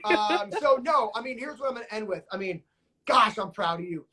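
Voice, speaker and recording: A man's voice: sits high, a little fast. Hype-driven man coaching a live stream. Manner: energetic hype, slang, frequent fillers. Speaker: notary business coach and live-stream host. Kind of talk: live coaching stream, upbeat casual talk.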